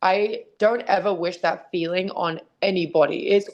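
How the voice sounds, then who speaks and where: Blunt, low-voiced woman guest. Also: steady tone, moderate pace, muffled recording. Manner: blunt, emotional, swears freely. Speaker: interview guest, wrestler and author. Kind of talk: candid interview over a call. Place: at home with her dog nearby.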